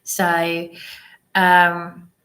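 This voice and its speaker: Woman vlogging, slow and rambly, keeps restarting and saying sorry, bright edgy voice. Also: fairly low pitch, completely flat delivery. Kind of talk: casual monologue to camera.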